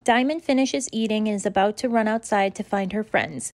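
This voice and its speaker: A woman reading aloud children's stories in a bright, expressive, rhythmic way. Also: mid-range voice, a little fast, no echo, clean studio sound. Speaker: children's story reader. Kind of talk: read-aloud storytelling.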